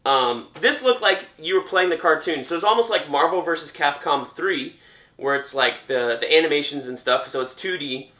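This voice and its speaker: A man's voice: on the high side, moderate pace, sharp tone. A young man giving a chatty, jokey reaction to gaming news, often trailing off and restarting. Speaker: gaming commentator. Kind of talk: casual reaction commentary. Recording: roomy echo.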